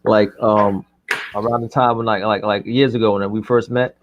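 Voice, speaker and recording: A man's voice: on the low side, flat delivery, normal speed, highs cut off, slight background noise. A man co-hosting a casual live chat, telling rambling stories and laughing often. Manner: loose, joking storyteller, laughs often. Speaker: co-host.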